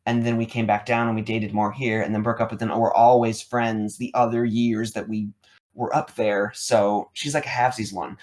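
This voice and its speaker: A man's voice: mid-range voice, a little mellow. Rambling man in his thirties. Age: 30s. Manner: rambling, repeats words, many fillers. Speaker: podcast co-host. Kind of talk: casual storytelling chat.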